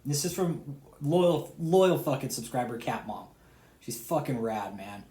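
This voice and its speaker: A man's voice: expressive, a little slow. Man ranting with heavy profanity, roomy echo. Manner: swears constantly, repeats himself, swings from shouting to low sarcastic mutter. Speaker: online commentator. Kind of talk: heated profane rant to subscribers.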